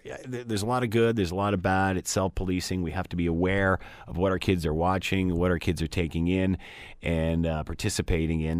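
A man's voice: deep voice, no room sound. A man hosting a talk radio show, interviewing guests in a conversational way with fillers and restarts.

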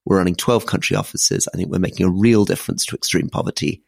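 A man's voice: sits low, steady tone, quick pace, creaky, dry recording, studio quality. A man co-hosting a podcast in casual political chat, thoughtful and self-deprecating, often restarting his sentences. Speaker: podcast co-host.

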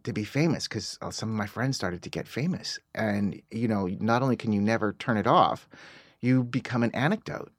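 Interview guest: middle-aged American man, low voice, dry close sound, animated self-mocking storyteller. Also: normal speed, no room sound. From United States. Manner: self-deprecating, animated, laughs while telling stories. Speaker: screenwriter guest.

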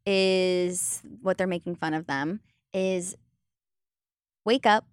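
A woman co-hosting an entertainment news show, chatting casually and recapping stories with quick asides. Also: on the low side, steady tone, smooth, dry recording, studio quality. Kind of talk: casual chat.

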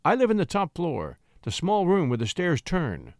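A man's voice: on the high side, wildly swooping pitch, normal speed, no echo, clean studio sound. A man voicing a bashful young shepherd poet who stammers shyly. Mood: flustered. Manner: stammering, shy.

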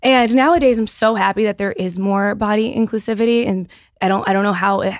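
Candid woman in her thirties, gravelly edge. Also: mid-range voice, fairly quick, dry recording. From Boston area. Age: 30s. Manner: candid and animated, with frequent restarts and "like". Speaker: guest, business founder. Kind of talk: casual podcast interview.

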